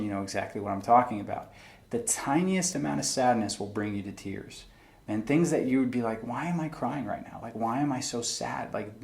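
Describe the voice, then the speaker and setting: A man's voice: mid-range voice, a little mellow. A young man giving an earnest, reflective talk to camera about faith and struggle, quoting scripture in a plain-spoken way. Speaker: faith video host.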